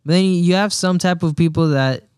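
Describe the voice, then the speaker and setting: A man talking in a relaxed, rambling podcast chat, often restarting his sentences. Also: high voice, normal speed, clean tone, no room sound, studio quality. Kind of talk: casual chat.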